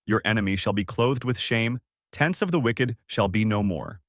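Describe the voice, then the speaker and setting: A man reading the part of a stern friend who rebukes another, in a solemn, measured way. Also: on the low side, lively intonation, dry recording, clean studio sound, lightly acted. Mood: rebuking.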